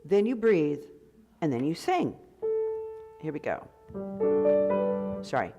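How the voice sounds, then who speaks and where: A woman's voice: low-pitched, very animated, slow pace, muffled recording, loud music behind the voice. A woman directing a choir rehearsal. She gives direct commands and breaks into sung phrases to demonstrate. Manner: sings short phrases to demonstrate.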